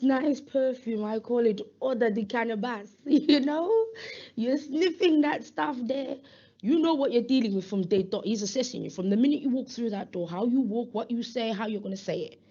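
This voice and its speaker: A woman's voice: on the high side, breathy edge. A woman giving a safeguarding talk, telling stories and acting out bits of dialogue. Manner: lively storytelling, acts out dialogue with laughs. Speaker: safeguarding speaker. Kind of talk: animated talk at a webinar. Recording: muffled lo-fi audio.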